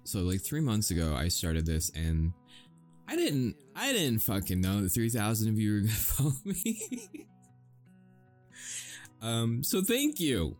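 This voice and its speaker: A man's voice: on the low side, wildly swooping pitch, a little slow, pauses often, darkish tone, faint music behind. An American man who makes audio roleplays, chatting casually and rambling to his listeners, swearing and chuckling often.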